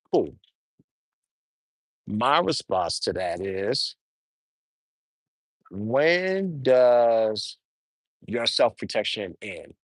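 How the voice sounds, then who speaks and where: A man's voice: on the low side, dry recording. A man chatting casually on a live stream outdoors at a zoo, wry and grumbling as he talks to himself. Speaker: livestreamer.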